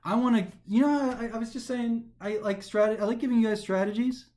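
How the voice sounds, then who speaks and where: A man teaching a recorded grammar lesson for a test, talking animatedly and slowing down to stress the pauses as he reads sentences aloud, sometimes tripping over his words. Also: extremely high pitch. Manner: animated, emphatic, slows down to stress pauses when reading aloud. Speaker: test prep instructor.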